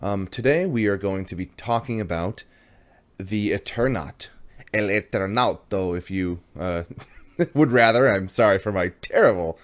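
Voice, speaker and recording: A man with a very low voice talks casually through a comics review he hosts. He rambles in a friendly, chatty way and pokes fun at himself along the way. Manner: chatty, rambling, self-deprecating.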